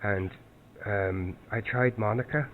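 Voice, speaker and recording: A man calling for help, telling his story haltingly with many restarts and repeated words. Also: lowish voice, steady tone. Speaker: caller seeking help. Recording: tinny phone line, faint background noise.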